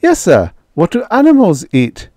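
A man's voice: sits high, huge pitch swings, normal speed, warm tone, dry recording, studio quality, voice pushed up, full character voice. A shy, polite young boy. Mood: timid polite. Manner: precise careful enunciation.

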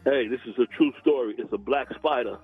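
A man's voice: medium pitch, husky, no room sound, phone-quality sound. A man calling in to a radio show, telling a story in a rambling way that repeats itself. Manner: fast, rambling, repeats himself. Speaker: caller. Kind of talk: casual storytelling on a call-in show.

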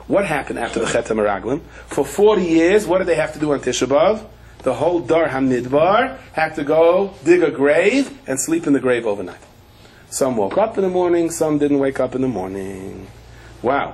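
A man, a rabbi, teaching a Torah lecture as a lively storyteller who keeps asking rhetorical questions and tossing in wry asides. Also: mid-range voice, breathy edge, poor audio. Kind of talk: Torah lecture to a live audience.

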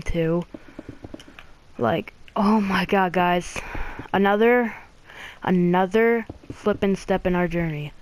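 A gaming channel host in a casual thank-you video to subscribers, gushing and filling every pause with "like" and "oh my god". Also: medium pitch, smooth, low-quality recording. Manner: gushing, filler-heavy, repeats "like" and "oh my god".

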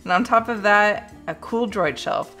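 Excitable woman vlogger gushing over mail, bright tone, laughs a lot. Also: medium pitch, unhurried, soft background music. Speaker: co-host. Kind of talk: casual unboxing chat.

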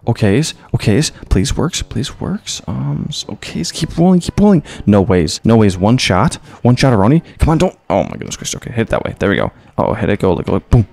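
An excitable man narrates his gameplay in a jokey, playful way, scattering mock-Spanish phrases through his talk. His voice has a gravelly edge, and his pitch jumps around a lot between lines. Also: a little fast, few pauses. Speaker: gaming YouTuber. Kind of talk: gameplay commentary.

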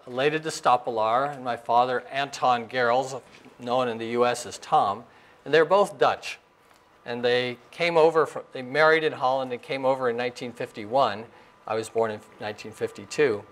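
Man in his sixties telling stories. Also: medium pitch. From Arizona, US. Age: 60s. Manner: relaxed storytelling with fillers and chuckles. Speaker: astrophysicist giving a lecture. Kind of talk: informal lecture. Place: lecture room.

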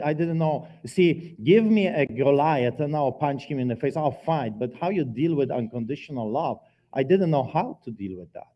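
Man, testimony sermon, church, dark mellow tone, dramatic emphatic storytelling. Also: medium pitch, highs cut off. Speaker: guest preacher giving testimony.

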